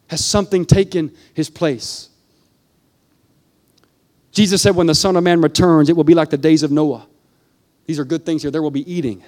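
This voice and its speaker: A man preaching a sermon with fervor, swinging between hushed, low passages and emphatic peaks, often breaking in with "listen" to address the congregation.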